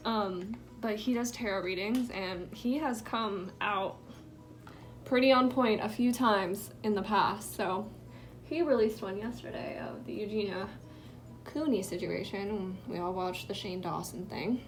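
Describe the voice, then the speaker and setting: At home indoors, a young woman vlogger does her makeup while chatting in a rambling, filler-heavy way, sometimes slipping into a whisper. Her voice is medium-pitched and measured, with soft music in the background.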